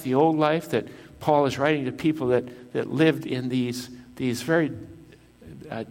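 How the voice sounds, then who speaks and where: Pastor preaching in a reverberant hall. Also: male voice, mid-range voice. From Japan. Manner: repeats key lines for emphasis, asks the congregation questions. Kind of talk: sermon.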